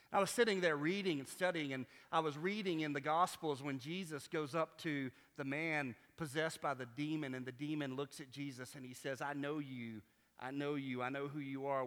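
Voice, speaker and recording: A man preaching a sermon as pastor, moving between quiet, conversational teaching and loud, impassioned appeals. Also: mid-range voice, long reverb tail. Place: church sanctuary.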